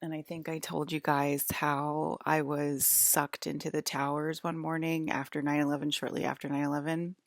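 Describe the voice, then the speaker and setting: A woman in her forties speaks in a very deep, low register, drifting through a loose, filler-heavy monologue. The sound is dry and close, with no room around her. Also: no echo. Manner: meandering, many fillers and restarts. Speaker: vlogger. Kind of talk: casual rambling monologue.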